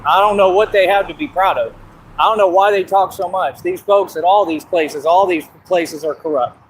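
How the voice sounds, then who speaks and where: A man streaming alone outdoors in the dark, delivering a boastful, combative monologue that keeps repeating itself. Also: sits high, normal speed, a little hiss or hum, poor audio. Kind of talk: ranting monologue.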